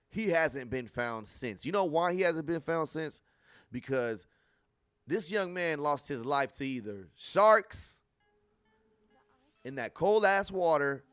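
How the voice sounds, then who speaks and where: Animated profane young man streamer. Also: high-pitched, no echo. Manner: profane, animated, laughs often. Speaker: livestream host. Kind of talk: casual commentary on news clips.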